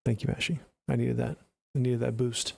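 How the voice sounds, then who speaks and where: A man hosting a music livestream in relaxed, chatty fashion, answering viewers one by one. His mid-range voice carries a gravelly rasp. The recording is dry and close, with no room echo. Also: mid-range voice, brisk. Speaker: music producer streaming live. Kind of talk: casual livestream chat.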